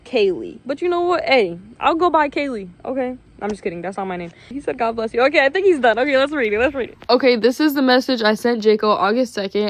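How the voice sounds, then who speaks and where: A young woman talking in a casual vlog, excitable and gushing, with lots of "like" and "literally". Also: on the high side. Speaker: vlogger.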